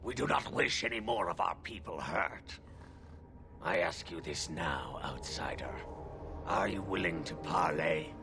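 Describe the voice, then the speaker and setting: Gravelly whispering werewolf guard. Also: male voice, sits low, lively intonation, background noise. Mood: solemn. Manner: formal, measured speech. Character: solemn male werewolf gatekeeper, guarded and grim. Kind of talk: video game voice acting.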